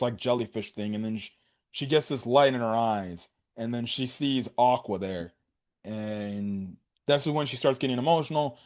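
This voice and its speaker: Excitable, profane man reviewing anime. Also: medium pitch. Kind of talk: casual video review.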